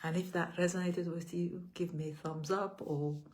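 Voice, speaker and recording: A woman healing coach leading a guided meditation, speaking calmly and slowly, with phrases for the listener to repeat. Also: on the low side. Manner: calm, slow, guiding with repeated phrases.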